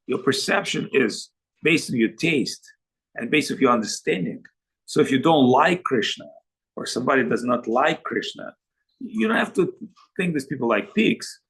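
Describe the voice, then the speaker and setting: A male spiritual teacher speaks over a video call with a gravelly, husky voice. He talks in halting phrases and drifts into joking anecdotes. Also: fairly high pitch, fairly bright tone, rough recording. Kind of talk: spiritual talk answering questions.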